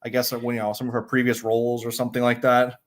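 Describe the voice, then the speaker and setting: A man's voice: medium pitch, monotone, quick pace. A man co-hosting a casual commentary show, agreeable and backing up his co-host. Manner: agreeable, chuckling, backs up the other host. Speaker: podcast co-host.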